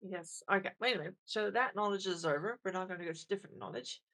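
A woman's voice: medium pitch, quick pace, fairly bright tone. A woman co-hosting a podcast in casual chat, rambling and self-deprecating, full of fillers and restarts. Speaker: podcast co-host.

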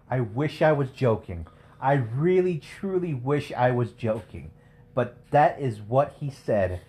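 A man's voice: medium pitch, expressive, measured pace, dark tone. A man co-hosting a podcast, telling stories in a crude, profane casual chat. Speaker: podcast co-host.

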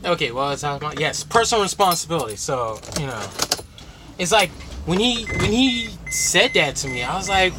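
A young American man with a high, nasal voice talks in a loose, rambling rant. He swears freely and his pitch swings all over as he gets worked up. There is clear traffic noise around him, as if he is recording outdoors near a car. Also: normal speed. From United States. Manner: rambling, profane, animated. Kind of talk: casual rant.

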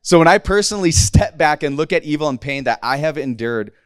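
A man's voice: fairly high pitch, animated, a little fast, clear, resonant tone, no room sound. Thirties male youth preacher, candid and emotional, casual delivery, dry sound. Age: 30s. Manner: emotional, candid, rambling with restarts. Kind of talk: casual sermon.

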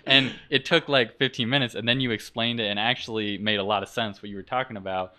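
A man's voice: fairly low pitch, steady tone, quick pace, pushed and bright. A male guest on a stream, talking through his views in a reasoned, laid-back way. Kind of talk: casual chat.

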